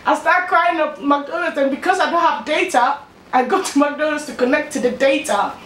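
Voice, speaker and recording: A young woman telling a storytime vlog in a lively, slangy way, laughing as she goes. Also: sits high, moderate pace. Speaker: vlogger. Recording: echoey room, distant mic.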